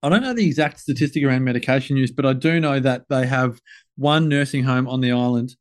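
A man's voice: medium pitch, fast talker, no echo, clean studio sound. A man hosting a podcast interview, chatty and playful, rambling a bit with plenty of fillers. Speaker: podcast host. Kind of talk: casual conversational interview.

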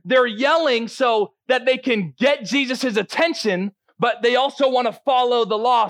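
A man's voice: very high-pitched, measured pace, few pauses, fairly bright tone, dry recording. A man preaching a sermon as a pastor, earnest and teaching, often restarting his sentences.

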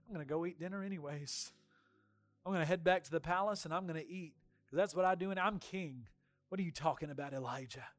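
A man playing a dismissive, scoffing male king who mutters quickly and offhandedly. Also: fairly high pitch, no room sound, voice pushed down, natural voice.

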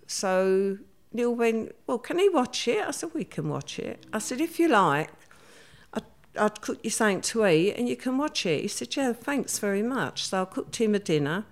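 A middle-aged woman, telling a past event in a vivid, hurried way and quoting others as she goes. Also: medium pitch, expressive. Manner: vivid, hurried retelling with many quoted voices. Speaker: interviewee. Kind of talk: conversational storytelling.

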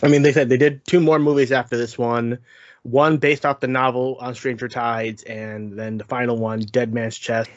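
A man's voice: mid-range voice, flat delivery, normal speed, no echo, dull audio. A man co-hosting a podcast in casual chat, candid and laughing often. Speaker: podcast co-host.

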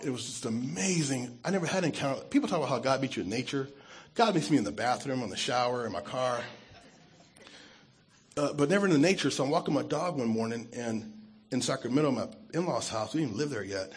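A man who is a pastor, giving an earnest and emotional testimony sermon, his voice dropping soft when he is moved. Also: mid-range voice, fast, breathy edge.

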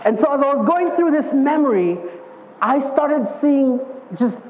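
A man's voice: extremely high pitch, lively intonation, unhurried, noisy background. A man giving a conversational sermon as a preacher, telling stories earnestly and acting out the quotes in them. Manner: earnest storytelling with vivid acted-out quotes. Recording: echoey hall, dull lo-fi sound.

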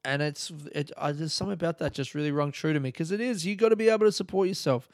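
A young Australian man hosts a solo podcast, rambling candidly and swearing freely in a casual monologue. His voice is on the high side and he talks fast, with a clean studio sound and no echo.

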